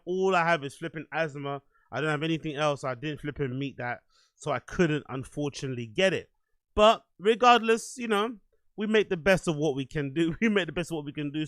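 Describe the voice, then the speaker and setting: A man's voice: fairly high pitch, a bit bright, dry recording. A man hosting his own show, rambling playfully and swearing often in a casual solo monologue. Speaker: podcast host.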